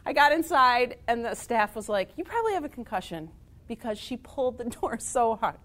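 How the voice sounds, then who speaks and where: A woman teacher telling a personal story in a lively, self-mocking way. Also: on the high side, fairly quick.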